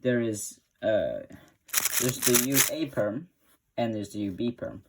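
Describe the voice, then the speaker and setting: A man's voice: medium pitch, takes it slowly, heavy background noise. A man hosting a casual spoken tutorial, talking in a stop-start way and correcting himself as he goes. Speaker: tutorial host.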